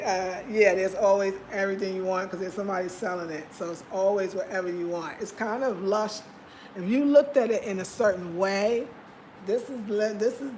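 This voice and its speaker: A woman talks to her viewers in a loose, chatty vlog, with emphatic, expressive delivery. Her voice sits at a middle pitch for a woman, and a faint noise runs under it. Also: low-quality recording. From United States. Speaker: vlog host. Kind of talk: casual vlog chat.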